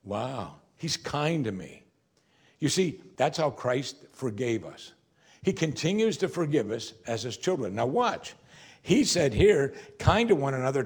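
A man's voice: medium pitch, normal speed, breathy edge. A man preaching a sermon in a church, asking his listeners direct questions. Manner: animated, questions the congregation directly.

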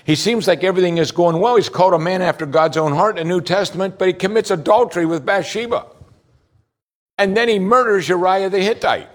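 A pastor preaches a sermon, his voice swelling loudly at the high points and going low and slow for scripture, as he puts questions directly to his listeners.

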